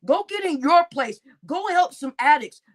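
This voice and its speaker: A woman's voice: high voice, expressive, normal speed. A woman hosting a livestream, ranting angrily and with lots of profanity, repeating herself. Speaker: livestream host. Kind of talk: heated livestream rant.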